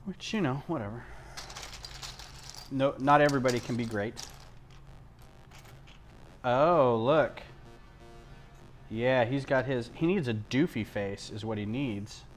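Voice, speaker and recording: A man hosting a casual livestream from home, rambling onto tangents, losing his thread and filling pauses with ums. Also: mid-range voice, faint music behind. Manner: frequent ums and restarts. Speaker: livestream host. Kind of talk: casual chat while building.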